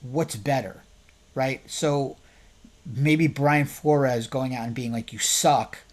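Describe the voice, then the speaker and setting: A therapist hosting a podcast shares his opinion conversationally, throwing rhetorical questions at the listener and growing louder and more emphatic as he makes a point. His mid-range voice has fairly even intonation and a slow pace.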